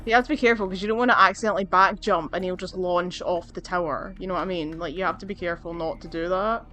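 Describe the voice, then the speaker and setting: A woman giving casual, chatty commentary while playing a video game, excitable and swearing freely. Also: fairly low pitch, fast talker, faint music behind. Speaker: let's play gamer.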